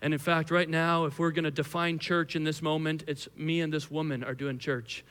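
A male pastor preaching a sermon to a live congregation, telling the story in an animated, conversational way with frequent restarts. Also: on the high side, normal speed, clear, resonant tone. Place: church hall with a live congregation. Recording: long hall reverb.

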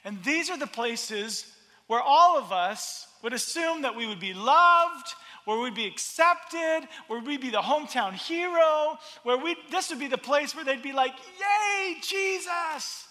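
A man preaching a sermon, expressive and repeating his words as he builds each point. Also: very high-pitched, big-room sound. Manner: expressive, acts out crowd voices, repeats words. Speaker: pastor.

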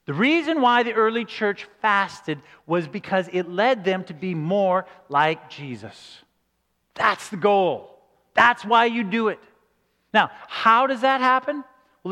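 A man's voice: high voice, animated, unhurried, sharp tone, long reverb tail. A man preaching a sermon in a conversational way, acting out quoted reactions. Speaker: pastor.

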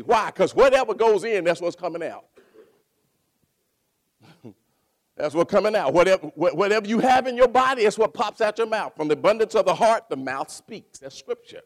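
A man preaching a sermon, animated, asking and answering his own questions and bursting into shouts. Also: high-pitched, a little fast.

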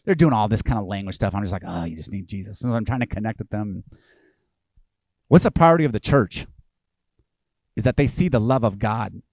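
A male pastor delivering a lively, conversational sermon, acting out the voices of people he quotes. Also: on the low side, a little fast, long pauses, no echo.

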